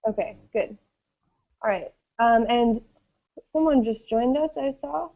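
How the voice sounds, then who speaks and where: A woman's voice: on the high side, no room sound, phone-quality sound. A woman teaching an online English pronunciation class, patiently checking that students follow. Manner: slow, patient, checks understanding often.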